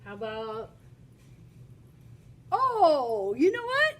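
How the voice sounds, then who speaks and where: A woman's voice: sits high, lively intonation, measured pace, fairly bright tone. A woman teacher giving a bubbly, exclamatory video lesson to children. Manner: bubbly and exclamatory, talks to kids.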